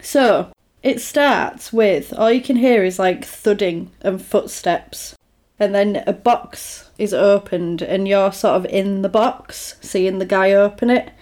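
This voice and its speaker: A woman's voice: mid-range voice, slow pace, a little mellow. A woman in casual chat, animatedly retelling a film plot and acting out the characters' lines.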